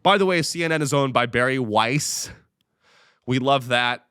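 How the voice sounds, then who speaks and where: A man's voice: mid-range voice, normal speed, fairly bright tone, smooth, no echo, studio quality. A man hosting a comedy podcast, ranting sarcastically and profanely.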